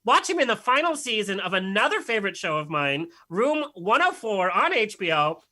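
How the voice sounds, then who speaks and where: Bright-voiced campy man hosting. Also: sits high, very animated, moderate pace, rough recording. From Southern California. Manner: campy, playful banter. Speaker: podcast host. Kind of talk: casual chat.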